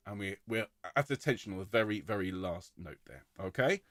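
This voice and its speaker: A man directing a choir rehearsal, giving clear, encouraging instructions and singing out rhythms to demonstrate them. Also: fairly low pitch, animated, normal speed, few pauses, over music.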